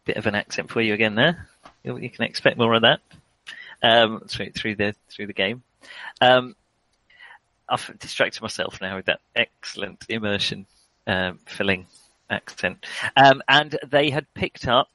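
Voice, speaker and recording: Man, game master, bright voice, dry close sound, rambling, trips over names. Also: on the low side, measured pace, no echo, poor audio. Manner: rambling, self-mocking, stumbling over names. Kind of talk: narrating a tabletop horror game.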